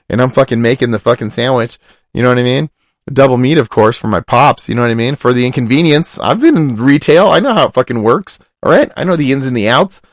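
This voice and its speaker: Gravelly fast-talking man telling a story. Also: no echo, clean studio sound. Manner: rambling, profane, quotes people in lowered voices. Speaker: podcast host. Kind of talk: casual storytelling.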